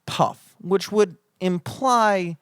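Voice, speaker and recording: Animated young man telling a story. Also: high-pitched, drawn-out words, clean tone, dry recording, clean studio sound. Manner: animated, profane, mock-outraged storyteller. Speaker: podcast co-host. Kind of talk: casual chat, storytelling.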